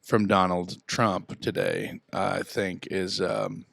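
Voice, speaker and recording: Brief: male podcast co-host, bright tone, crude rambling storyteller. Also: low voice, sing-song, slow, vocal fry, no echo, clean studio sound. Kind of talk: casual chat.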